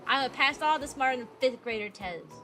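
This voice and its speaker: A woman's voice: high-pitched, a little fast, music in the background. A young woman streaming casually as a VTuber, talking energetically and playfully and breaking into silly voices and barks. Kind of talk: casual livestream chat.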